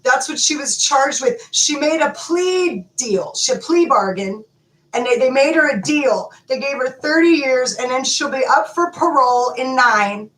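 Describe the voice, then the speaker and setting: High-voiced woman ranting in anger. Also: animated, unhurried, fairly bright tone, echoey room, soft background music, rough recording. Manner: angry, profane, repeats phrases for emphasis. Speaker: advocate calling for justice. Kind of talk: impassioned direct-to-camera rant.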